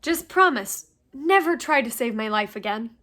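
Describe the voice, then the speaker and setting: A young schoolboy wizard talks in a plain, dry way, read by a woman in her own high voice. There is little change from the reader's everyday voice. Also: expressive, moderate pace, fairly bright tone.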